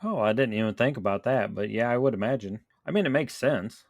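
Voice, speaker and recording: A man with a mid-range voice talks on a podcast in a relaxed, easygoing way, cursing now and then. The close mic sounds dry, with no room around him. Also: medium pitch, fairly quick, no echo. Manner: laid-back, swears casually. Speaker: podcast co-host. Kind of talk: casual podcast chat.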